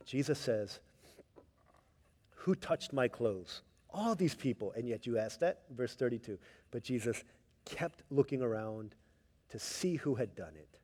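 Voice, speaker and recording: A man preaching a sermon, telling stories with voices, swinging from hushed tender passages to loud emphatic ones. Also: mid-range voice, expressive, moderate pace, long reverb tail. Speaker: pastor.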